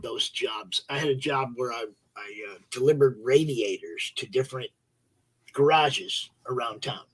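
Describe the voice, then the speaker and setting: A man's voice: mid-range voice, a little slow, slightly rough, rough recording. A man chatting casually and chiming in with quips. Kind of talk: casual chat.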